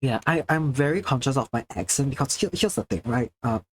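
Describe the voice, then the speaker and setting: A man's voice: medium pitch, animated, fairly quick. A young man from Singapore with a Singaporean accent, chatting casually on a livestream with careful, precise enunciation and a projected presenter's delivery. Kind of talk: casual chat while drawing, answering chat.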